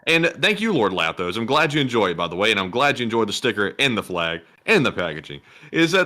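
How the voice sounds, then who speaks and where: A man's voice: lowish voice, big pitch swings, fast, few pauses, pushed and bright. A man co-hosting a livestream who reads viewers' messages aloud and chats in an upbeat, casual way. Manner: upbeat, chatty, talks about merch plans. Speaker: co-host reading super chats.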